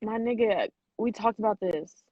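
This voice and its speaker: A woman's voice: medium pitch, normal speed, no room sound. A young woman hosting a podcast, chatting casually and teasing her guest, laughing often. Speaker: podcast host. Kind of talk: casual chat. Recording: dull lo-fi sound.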